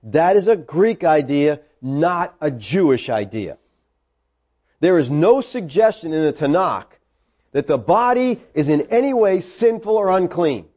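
A man preaching a sermon, teaching from the Bible with emphatic, animated delivery. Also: a little high, a little slow.

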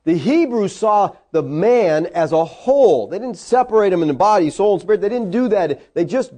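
Animated high-voiced male preacher. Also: a little fast, hardly any pauses. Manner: emphatic, animated Bible teaching. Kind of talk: sermon.

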